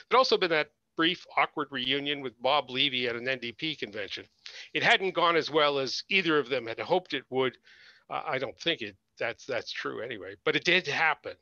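A man, an author, reading aloud from his book at an online launch in a measured, expressive way. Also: medium pitch, creaky, no echo, highs cut off.

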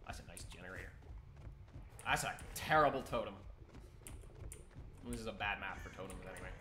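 A man giving playful, chatty gameplay commentary, teasing other players and squealing up high when he goofs around. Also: a little fast, bright, forceful tone. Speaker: gaming streamer. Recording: roomy sound with audible background noise.

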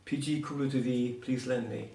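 A man's voice: mid-range voice, steady tone, normal speed, vocal fry, warm tone. Man explaining words from a distance. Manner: digressive, explains patiently with asides and examples. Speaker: Cornish language teacher. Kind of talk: informal one-on-one language lesson. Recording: roomy sound from a distance.

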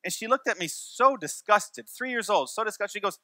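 Guy pastor in his 40s preaching, bright high voice, dry close sound, jokey storytelling. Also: animated, brisk, hardly any pauses, dry recording. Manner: storytelling with wry humor and repetition. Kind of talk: sermon.

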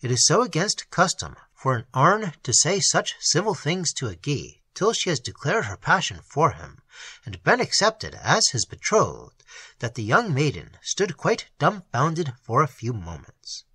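A man narrating a classic novel as an audiobook, in a measured and expressive literary reading. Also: fairly high pitch, breathy edge, no echo.

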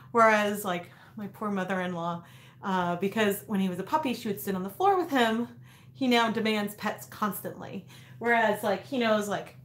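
In an echoey room, a woman in her thirties hosts a casual craft livestream, rambling along with lots of fillers and restarts. Her voice is medium-pitched and a little bright.

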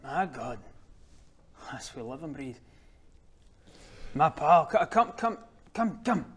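A man's voice: a little high, sing-song, slow, slightly rough, heavily acted. A man doing a hearty blacksmith dad. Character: short, jovial older blacksmith father.

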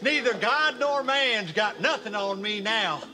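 A man's voice: sits high, lively intonation, unhurried. An actor playing a jubilant grown man fresh from baptism, calling others into the water in a film clip. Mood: exultant. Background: music.

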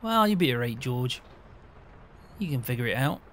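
A man's voice: mid-range voice, sing-song, normal speed, a bit bright, slight background noise. A man in casual game roleplay, chatting as a farm hand in an easygoing way with mild swearing.

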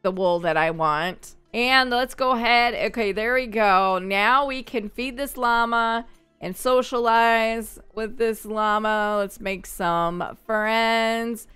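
Brief: woman game host, bright crisp voice, chatty play-by-play commentary. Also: fairly high pitch, faint music behind. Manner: chatty, thinking aloud, quick to laugh. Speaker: gaming channel host. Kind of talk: gameplay commentary.

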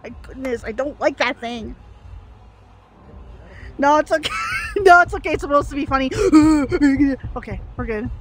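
A young woman livestreaming a horror game to chat, jumpy and excitable, laughing and gasping as she pleads with her friends. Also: sits high, a little slow, pauses often, a little hiss or hum. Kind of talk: live gameplay commentary to chat.

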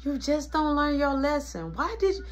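A woman voicing a strict, gruff grandmother who barks demands at her grandson. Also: sits high, sing-song, moderate pace. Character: strict no-nonsense grandmother, rough tempered.

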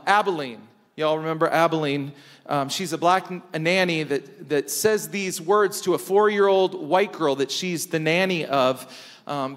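A man's voice: sits high, a bit bright. Guy pastor preaching, repeats lines for emphasis, big echoey church sound. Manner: preaching with emphatic repetition and dramatic pauses. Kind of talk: sermon. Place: large church hall. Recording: church hall reverb.

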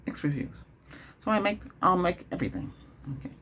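A man in whispered role-play as a doctor, talking in a chatty, rambling way, laughing often and moving between a whisper, a soft voice and his normal voice. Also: high-pitched, big pitch swings, brisk, slight background noise.

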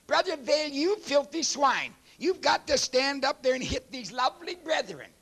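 An older man voicing a scornful critic who mocks a preacher, in a high sneering tone. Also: expressive, normal speed, a bit bright, full character voice. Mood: mocking.

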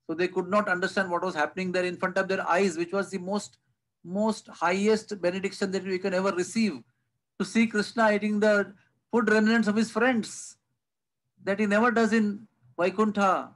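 A man's voice: high-pitched, moderate pace, poor audio. A man giving a devotional lecture over a video call, telling stories and asking rhetorical questions. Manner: storytelling, rhetorical questions, lively emphasis. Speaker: spiritual teacher.

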